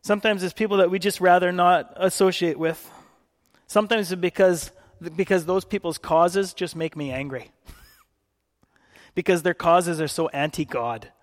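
At normal speed, a man from Canada delivers a sermon full of stories, often laughing and acting out quotes. His voice sits high for a man, and the recording echoes with a long hall reverb.

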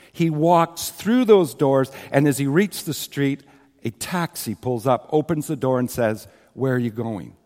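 A man's voice: fairly high pitch, darkish tone. Man preaching a story in an echoing hall. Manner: earnest, retells a story with quoted scripture; asides to the congregation. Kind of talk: sermon storytelling. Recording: long hall reverb.

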